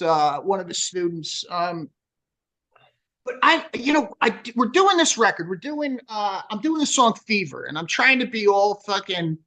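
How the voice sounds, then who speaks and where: A man's voice: high-pitched, rough recording. A man in his sixties with a New Jersey accent, a metal singer telling swearing-filled stories in a casual interview. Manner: profane, storytelling, animated.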